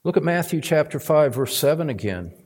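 A man's voice: a little high, big pitch swings, a little fast, a little mellow. A male pastor preaching a sermon, emphatic, climbing to stressed points and repeating words for weight. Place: church sanctuary.

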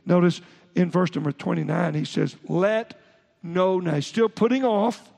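A male pastor preaches in a high, gravelly, husky voice, driving home each point in short emphatic bursts and stumbling into quick restarts. His words ring out with a long reverb, as if filling a church sanctuary. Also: steady tone, a little mellow. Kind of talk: sermon.

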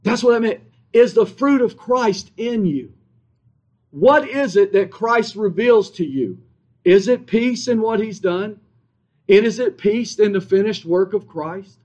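A man's voice: high-pitched, lively intonation, measured pace. A man preaching a sermon with an emphatic, repetitive cadence. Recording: dull lo-fi recording.

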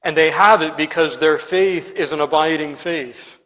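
A man's voice: fairly high pitch, normal speed, fairly bright tone, in a large hall, rough recording. A man preaching a sermon, earnest and emphatic, often calling his listeners friend.

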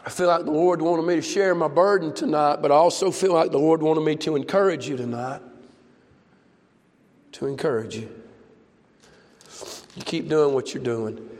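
An older man preaching a folksy, impassioned sermon that builds to shouts. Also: a little high. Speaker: pastor. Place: church service. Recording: long church reverb.

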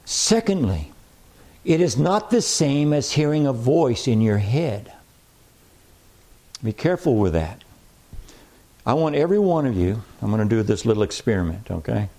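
A man preaching a sermon, emphatic, repeating key phrases and slowing down to read scripture. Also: medium pitch, big pitch swings, warm tone.

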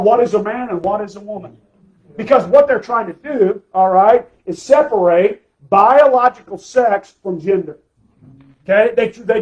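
A man preaching a sermon, emphatic, calling for amens and swinging between loud and soft. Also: sits high, dull audio. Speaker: pastor.

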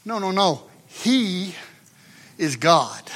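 A man preaching a sermon, swinging between shouted emphasis and hushed, drawn-out passages. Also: on the high side, lively intonation.

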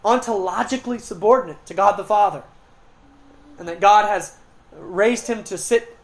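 A woman preacher delivering a sermon, slowing down to stress key words and swinging between loud emphasis and quiet, hushed passages. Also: mid-range voice.

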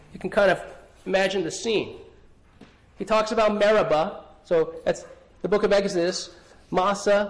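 A man preaching a sermon, earnest, often restarting his words as he speaks. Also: high-pitched. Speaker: pastor.

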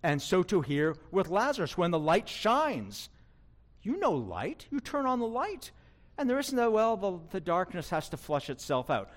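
A man's voice: sits high, wildly swooping pitch, moderate pace. A male preacher giving an emphatic sermon, asking his listeners rhetorical questions.

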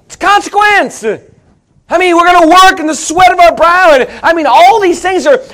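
A middle-aged man preaching a sermon in a conversational, joking way, with sudden loud outbursts. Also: extremely high pitch, normal speed. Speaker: pastor.

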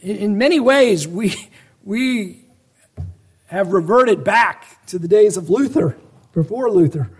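A man's voice: high voice, animated, slow, pauses often, husky. A man preaching a sermon, pressing his listeners with a string of searching rhetorical questions and earnest exhortations.

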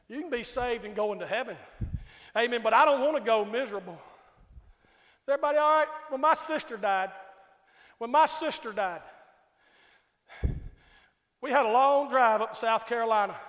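A Southern male pastor with a high-pitched voice preaches in a folksy, storytelling way. He keeps calling out to his congregation as he goes. His voice rings through a reverberant church sanctuary. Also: a bit bright. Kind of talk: sermon.

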